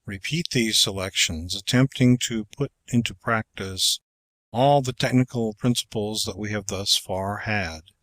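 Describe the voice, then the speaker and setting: Male audiobook narrator, unhurried textbook reading, mid-range voice, dry close recording. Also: fairly low pitch, fairly bright tone, dry recording. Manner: slow, measured reading of numbered exercises. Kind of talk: scripted narration of a public speaking textbook.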